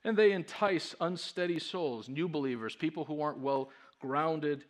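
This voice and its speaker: Higher-voiced man preaching emphatically. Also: normal speed. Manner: emphatic preaching with rhetorical questions. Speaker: pastor. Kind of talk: sermon.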